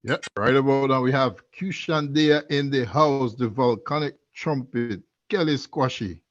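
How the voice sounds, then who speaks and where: A male host introducing a guest and asking questions in a halting way. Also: medium pitch, no echo. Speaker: interviewer host. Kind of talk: interview questions. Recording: dull, dry, lo-fi sound.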